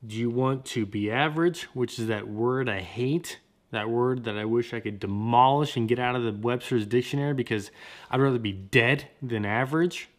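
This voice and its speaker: A man hosting a motivational podcast, talking in an energetic, slangy way and repeating his points. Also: mid-range voice, normal speed. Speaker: podcast host.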